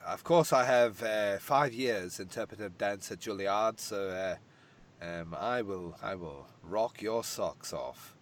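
A man doing an impression of an actress, speaking in a low, quiet, drawn-out put-on accent. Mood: dreamy. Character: a real actress, dreamy and self-assured.

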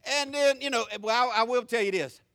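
A middle-aged man preaching a sermon, telling stories with loud animated asides and soft, low reflective stretches. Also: fairly quick, no echo, studio quality. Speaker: pastor.

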